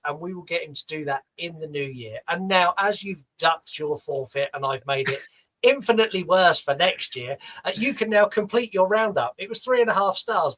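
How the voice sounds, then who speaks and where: A man's voice: sits high, a bit bright, low-quality recording. A man with a Southern British accent, co-hosting a podcast in casual chat and teasing his co-host in a playfully bossy way.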